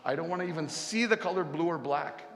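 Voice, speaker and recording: A man playing a young goddess woman in a fury, her voice climbing high and shrill as she protests. The sound rings with long reverb in a big hall, and faint music plays behind it. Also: quick pace, a bit bright. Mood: furious. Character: indignant young goddess woman, lovesick and furious.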